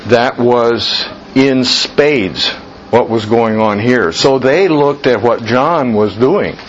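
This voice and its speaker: A man teaching a Bible class as a pastor, speaking with slow emphasis and putting questions to the group. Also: medium pitch. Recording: muffled church recording with faint hiss.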